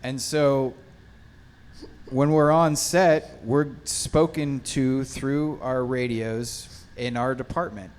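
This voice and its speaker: A man from a film lighting crew speaking on a festival panel, relaxed and halting, with many fillers. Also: mid-range voice, clear, resonant tone. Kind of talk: casual panel storytelling.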